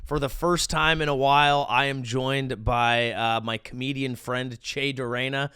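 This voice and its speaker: A young man hosting a comedy podcast, his bright voice coming across upbeat and jokey. The sound is crisp and clean, with a dry, close feel to the room. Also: on the high side, no echo. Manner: upbeat, jokey, quick asides. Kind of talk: casual podcast chat.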